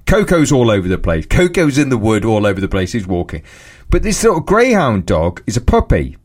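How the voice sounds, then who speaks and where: A man co-hosting a podcast, telling a lively anecdote in casual chat and acting out what people said. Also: medium pitch, fairly quick. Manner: animated anecdote teller, acts out quoted voices. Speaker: podcast co-host.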